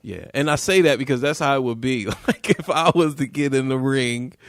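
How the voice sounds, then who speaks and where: A man's voice: medium pitch, normal speed, dry recording, clean studio sound. A man from Baltimore hosting a podcast, chatting in an easygoing way and laughing often. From Baltimore, USA. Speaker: podcast host. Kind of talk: casual podcast interview.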